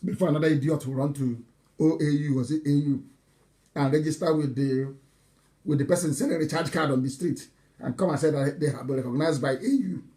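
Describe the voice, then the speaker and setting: A man giving a live political broadcast, mocking and animated, swinging between loud outbursts and low asides. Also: a little fast. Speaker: broadcaster addressing followers.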